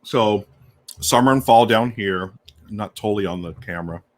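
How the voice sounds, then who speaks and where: A man's voice: lowish voice, normal speed. A man hosting a casual live stream, chatting enthusiastically to viewers while unboxing a board game and snacking, with plenty of fillers as he thinks aloud. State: munching snacks while talking. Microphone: desk microphone on a live stream.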